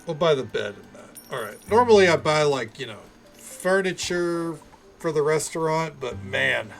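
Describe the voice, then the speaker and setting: A man's voice: fairly high pitch, expressive, normal speed, creaky, soft background music. A man streaming a video game, chatting casually and muttering asides. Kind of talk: gameplay commentary.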